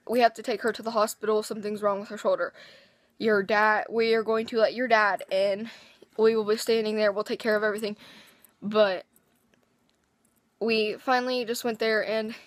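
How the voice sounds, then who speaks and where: A teenage girl with a hoarse, worn-out voice, excitedly telling a rambling story in a casual vlog. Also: on the high side, dry recording. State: hoarse, lost voice. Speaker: vlogger.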